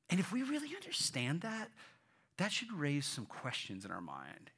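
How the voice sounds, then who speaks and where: Guy preaching a sermon, bright lively voice, goes big then drops to a whisper. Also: fairly high pitch, moderate pace, husky. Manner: animated, acts out voices, swings from loud to whispered. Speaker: pastor.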